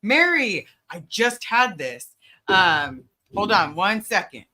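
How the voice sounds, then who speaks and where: A woman's voice: mid-range voice, very animated, slow pace, pushed and bright. A woman hosting a casual livestream, greeting viewers by name and talking with many fillers. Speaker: livestream host.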